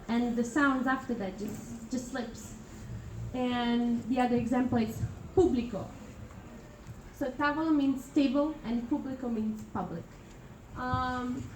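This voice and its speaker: A young woman from Italy giving a classroom presentation, hesitant and full of fillers and restarts. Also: sits high. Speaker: international student presenter. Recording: echoey room from far off, noisy.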